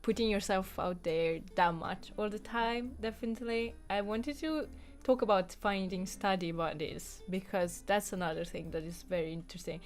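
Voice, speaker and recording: A woman's voice: medium pitch, normal speed, few pauses, soft background music. A woman co-hosting a podcast in casual chat, talking freely with frequent fillers and laughter. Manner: chatty, laughs often, many fillers. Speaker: podcast co-host.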